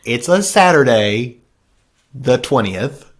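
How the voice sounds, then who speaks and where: A man's voice: medium pitch, animated, takes it slowly. A middle-aged man from Australia co-hosting a podcast in casual chat, joking, swearing and poking fun at himself. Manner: joking, swearing, self-mocking. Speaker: podcast co-host.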